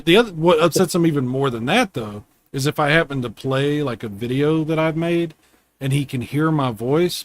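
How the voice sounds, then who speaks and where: A man hosting a casual video game chat from home, rambling and quick to laugh. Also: mid-range voice, a little hiss or hum. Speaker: host.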